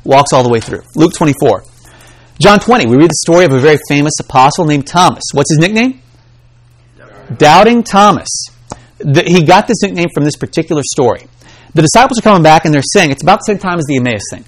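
Animated man preaching. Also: a little high, fast. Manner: animated, acts out quoted voices. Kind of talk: sermon.

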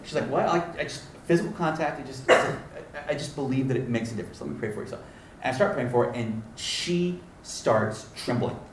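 A man preaching a sermon, telling a story and acting out the dialogue in an animated way. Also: medium pitch, fairly quick, very noisy. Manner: animated, acts out dialogue with laughter. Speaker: pastor. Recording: echoey room, mic at a distance.

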